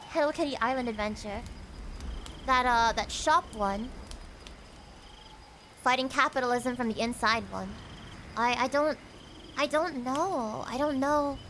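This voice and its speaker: A woman streaming as a VTuber, chatting casually and reading her chat aloud with frequent giggles and quick asides. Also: high voice, fairly bright tone, a little hiss or hum. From United States.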